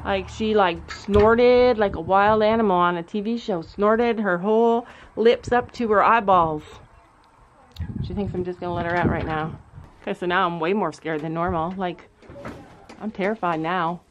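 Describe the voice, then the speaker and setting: Young woman chatting to camera in a horse trailer, nervous, hushing her horse, faint noise behind. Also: medium pitch, normal speed, lo-fi sound. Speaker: vlogger. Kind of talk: casual vlog narration.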